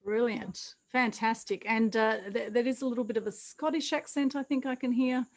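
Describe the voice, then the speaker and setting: A woman's voice: on the high side, steady tone, moderate pace, poor audio. A woman hosting an online meetup over a video call, upbeat and effusive, full of praise for each guest. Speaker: meetup host.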